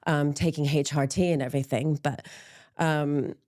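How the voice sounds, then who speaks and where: Deep-voiced and steady, a menopause support group founder speaks openly in a conversational interview at normal speed. The middle-aged guest says um a lot, laughs at herself as she goes, and has a darkish tone.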